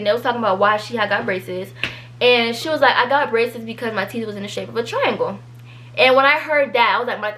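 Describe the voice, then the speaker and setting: Chatty teenage girl telling a story. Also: on the high side. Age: teens. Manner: chatty, filler-heavy, animated when quoting people. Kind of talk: casual storytime.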